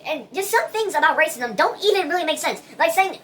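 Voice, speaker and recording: A woman's voice: high voice, animated, a little fast, bright, forceful tone. A woman talking straight to camera in a casual opinion vlog, earnest and rambling, restarting her sentences often. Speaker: vlogger.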